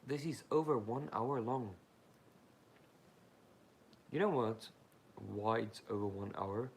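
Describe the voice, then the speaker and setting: A man's voice: mid-range voice, slow pace, slight background noise. A young man hosting a live Q&A stream, rambling informally with lots of fillers and asking viewers questions. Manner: talks straight to viewers, asking them questions. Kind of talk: casual livestream chat, answering viewer comments.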